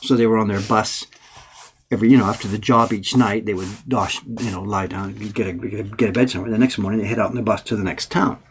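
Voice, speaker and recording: A man from Yorkshire who now speaks with a Canadian accent, hosting a casual livestream and telling lively anecdotes. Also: on the low side, fast talker, a little hiss or hum. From England, Yorkshire. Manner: animated storyteller, acts out voices in anecdotes. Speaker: printmaker streaming host.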